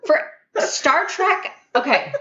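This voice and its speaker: A woman co-hosting a podcast in casual chat, chatty and quick to laugh, going into mock-outraged rants. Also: high-pitched, sing-song, fairly bright tone, highs cut off. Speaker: podcast co-host.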